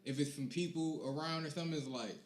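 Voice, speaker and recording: A young man co-hosting a podcast, chatting casually in a laid-back, rambling way that often trails off quietly. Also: a little high, fast talker. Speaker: podcast co-host. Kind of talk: casual chat. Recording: roomy with faint hiss.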